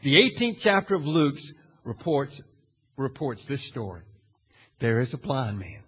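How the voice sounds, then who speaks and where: A male pastor preaching a sermon in a dramatic way, asking the audience questions and swinging from hushed to loud. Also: mid-range voice, sing-song, measured pace, husky. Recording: long hall reverb.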